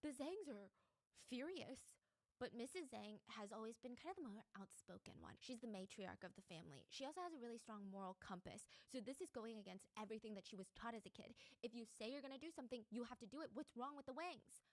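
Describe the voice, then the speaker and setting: A woman casually telling a dramatic story in an animated, chatty way. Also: on the high side, quick pace, no room sound, rough recording. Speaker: storyteller host.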